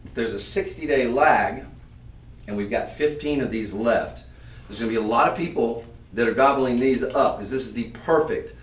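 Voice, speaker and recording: A man hosting a live-stream jewelry sale, talking to viewers in a chatty, emphatic sales pitch. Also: normal speed, reverberant, recorded from a distance. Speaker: shopping channel host.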